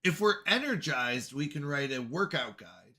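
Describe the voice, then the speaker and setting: An American man chats casually on a gaming livestream, drifting from topic to topic as he replies to viewers. His voice sits high and sounds bright and forceful. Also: animated, normal speed. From United States. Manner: rambling, answers chat questions aloud. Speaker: streamer.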